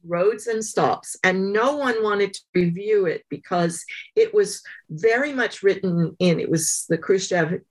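A woman, a guest author, telling stories in a relaxed interview, pausing often and thinking aloud with fillers. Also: medium pitch. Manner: thoughtful, many pauses and fillers. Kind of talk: conversational interview storytelling.

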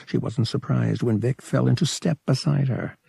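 A man reading a novel aloud as an audiobook narrator, telling the story in a measured, expressive way. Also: medium pitch, creaky, husky, no echo, clean studio sound.

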